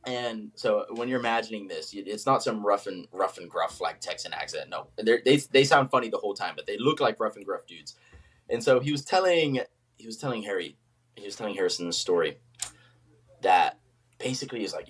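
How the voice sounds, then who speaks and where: Low-voiced chatty American man. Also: expressive, a little fast, a bit bright, breathy edge. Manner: chatty, storytelling, many fillers. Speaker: paleontologist guest. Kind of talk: casual podcast chat.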